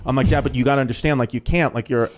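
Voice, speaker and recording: A man telling profane, animated comic stories on a podcast, often breaking into laughter. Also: mid-range voice, rapid-fire. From New York. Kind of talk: podcast storytelling.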